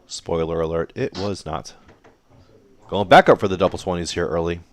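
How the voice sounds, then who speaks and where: A man's voice: low voice, normal speed. A man calling darts play-by-play as host of a home-broadcast league, in a playful, theatrical way with teasing jokes about the players. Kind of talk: play-by-play sports commentary. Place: home laundry room. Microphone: computer broadcast setup.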